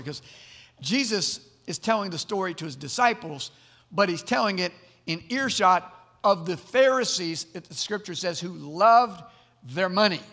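Man, pastor, sermon, high voice, gravelly, long hall reverb, earnest, repeats words. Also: fairly bright tone. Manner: earnest, repeats words, builds to emphatic points. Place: church sanctuary.

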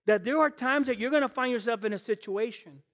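A man preaching an animated sermon as guest pastor, telling stories and talking directly to the congregation. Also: extremely high pitch, fairly quick, in a large hall. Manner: storytelling, acts out voices, addresses the congregation. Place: church.

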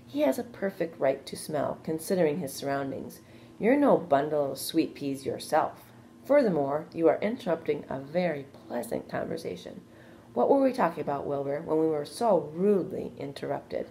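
Woman reading a steady motherly spider from a storybook, low mellow voice, matter of fact. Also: moderate pace, creaky, a little hiss or hum. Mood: sharp. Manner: gentle, firm, matter-of-fact. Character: wise calm female spider, motherly and steady.

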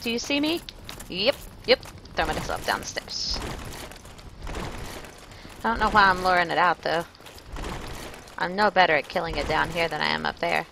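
Woman game streamer, self-mocking chatter, bright voice, faint hiss behind. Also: fairly low pitch, moderate pace, creaky, pauses often, rough recording. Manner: chatty and self-mocking, greeting chat viewers. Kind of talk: casual gameplay commentary.

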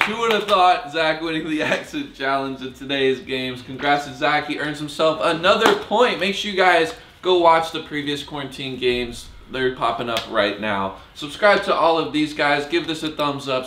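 A man's voice: on the high side, moderate pace, hardly any pauses, a little hiss or hum. Upbeat young male host. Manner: energetic, upbeat. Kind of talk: hyped game show hosting. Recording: echoey room.

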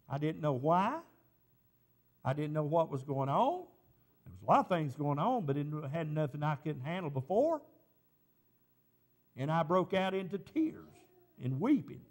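A high-pitched male pastor preaching a sermon. He tells a personal story in a conversational way, then lifts into impassioned preaching.

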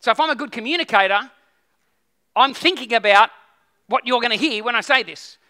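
A man's voice: very high voice, lively intonation, fairly quick, bright, forceful tone. A man preaching a sermon as pastor, talking conversationally with frequent restarts and questions to the congregation.

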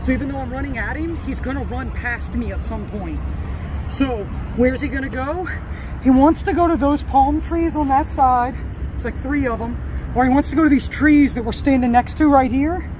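A man's voice: extremely high pitch, moderate pace, low-quality recording. A man catching reptiles, explaining his plan step by step in a casual running commentary. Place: outdoors by a road. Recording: outdoor recording with loud traffic noise.

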